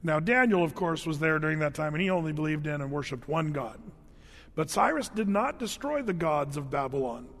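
High-voiced man preaching casually in a hall. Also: expressive, brisk, fairly bright tone. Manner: casual, conversational, humorous storytelling; frequent fillers and restarts. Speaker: pastor. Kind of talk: sermon.

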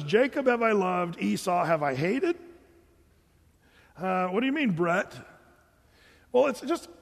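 Guy pastor chatting thru a sermon, high voice, lots of reverb like a big church. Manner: conversational, animated preaching with mock voices of listeners.

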